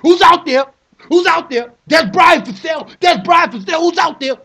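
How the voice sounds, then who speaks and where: A man delivering an animated comic rant, theatrical and repetitive, breaking into shouts. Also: very high voice, moderate pace. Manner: theatrical, repeats phrases, shouts in bursts. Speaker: vlogger ranting about a fantasy football trade.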